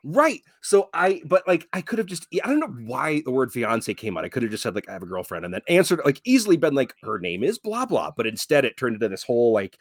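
A man's voice: medium pitch, big pitch swings, fast talker, few pauses, dry recording. A man in his forties, a podcast guest, talking in a rambling, hesitant way with frequent laughs. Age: 40s. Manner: rambling, hesitant, many fillers and restarts, laughs a lot. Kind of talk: casual chat.

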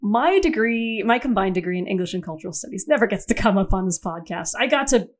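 A woman's voice: medium pitch, animated, fast. A young adult woman co-hosting a podcast in casual, candid chat, swearing freely and restarting her sentences. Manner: candid, profane, self-interrupting. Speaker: podcast co-host.

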